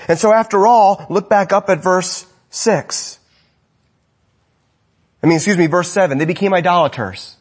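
A man preaching a sermon as pastor, swinging between loud emphatic lines and quiet asides. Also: high-pitched, moderate pace, pauses often.

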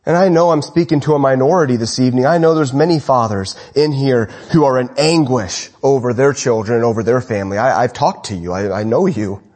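Husky-voiced man preaching with fervor. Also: brisk, hardly any pauses. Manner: impassioned, swings between raised urgent lines and low quiet ones. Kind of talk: sermon. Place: church congregation, evening service.

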